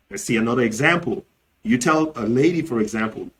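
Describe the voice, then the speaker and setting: A man hosting a scripted lesson on Pidgin, speaking slowly and deliberately with lively exclamations. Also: medium pitch. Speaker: host teaching Nigerian Pidgin.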